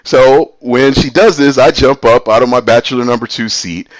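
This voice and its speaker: Male storyteller, middle-aged, casual and animated, close dry read. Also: medium pitch, moderate pace, dry recording. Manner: animated, voices other people in quotes.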